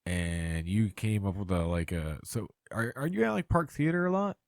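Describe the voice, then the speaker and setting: A man's voice: lowish voice, sing-song, normal speed, vocal fry, no room sound, studio quality. A man hosting a podcast in casual chat, blunt and full of swearing, mostly giving short reactions. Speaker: podcast host.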